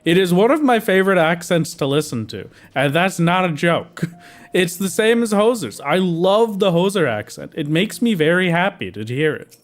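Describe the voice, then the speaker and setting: A man's voice: high-pitched, lively intonation, moderate pace. A man chatting casually with viewers while playing a game on a livestream, in a playful, jokey way. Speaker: streamer. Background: faint game music.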